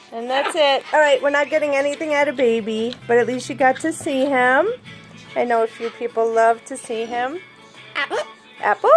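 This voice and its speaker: A woman with a high, swooping voice coaxes her pets in sing-song baby talk. She speaks slowly and patiently. Soft music plays faintly behind her. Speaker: pet owner and vlogger. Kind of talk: casual pet vlog.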